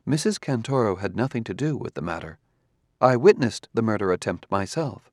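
Guy doing a calm formal robot cop, even measured talk, middle pitch, dead dry studio. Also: no room sound, close to an everyday voice. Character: calm, precise male humanoid robot detective. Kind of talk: audiobook character reading.

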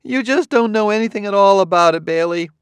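A man's voice: high-pitched, fairly quick, smooth, dry recording, pitched above the performer's own voice. A man reading an audiobook, voicing a plump, scornful woman who taunts and mocks in a raised voice.

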